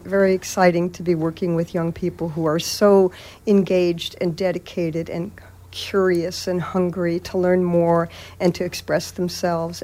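Woman, theater director, measured and reflective, radio interview guest. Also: on the low side, a little mellow.

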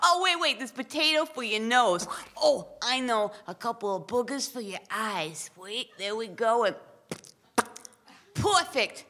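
A woman's voice: fairly high pitch, animated, measured pace, sharp tone, full character voice. A woman playing a goofy woman building a snowman, rambling and laughing at her own jokes in a comic radio sketch. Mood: playful.

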